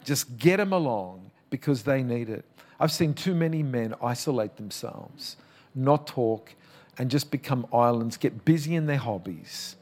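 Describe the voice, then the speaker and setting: A man's voice: medium pitch, animated, unhurried, darkish tone. Impassioned man preaching a sermon. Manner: impassioned, emphatic preaching with rising calls; conversational storytelling with repeated restarts. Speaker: pastor.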